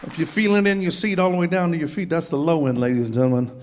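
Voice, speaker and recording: A man's voice: fairly high pitch, expressive, very fast, darkish tone. A man leading a band on stage, introducing his players with jokes and showman patter to a live audience. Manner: joking showman, hypes the crowd. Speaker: bandleader. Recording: live concert recording with crowd and band.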